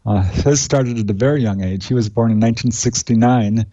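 Guy talking about his book in an interview, dark mellow voice, kinda muffled lo-fi sound, lots of uh's. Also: medium pitch, fairly quick. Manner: recounts cases in a steady matter-of-fact way, with frequent "uh" fillers. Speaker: author and researcher, interview guest. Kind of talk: conversational interview.

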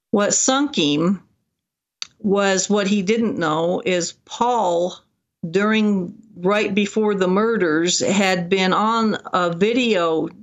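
Animated guest telling a long story. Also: mid-range voice. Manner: animated, detailed retelling. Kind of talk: interview storytelling.

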